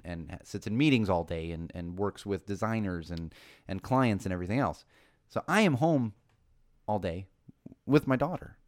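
Animated man on a dry mic. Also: low voice, no room sound. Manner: animated storytelling, rising to passionate emphasis. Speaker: podcast host. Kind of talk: casual chat.

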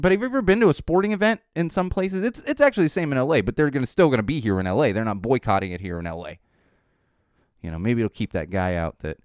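Male podcast host, sarcastic casual rant, animated pitch, dry close mic. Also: dry recording. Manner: sarcastic, ranting, frequent restarts and laughs. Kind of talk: casual opinion monologue.

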